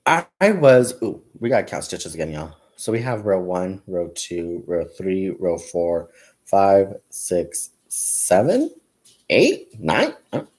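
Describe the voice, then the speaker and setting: A man's voice: low voice, wildly swooping pitch, slow, darkish tone. A young man hosting a casual crafting livestream, telling stories with lots of laughs, talking to his viewers as "you guys" and "y'all", and counting stitches aloud as he crochets. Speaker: crafting channel host.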